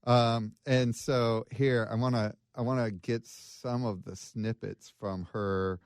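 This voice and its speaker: A man's voice: medium pitch, steady tone, takes it slowly, clean tone, no echo, studio quality. A man hosting a podcast, casually recounting a case and reading snippets, with frequent ums and restarts. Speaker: podcast host. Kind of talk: casual storytelling chat.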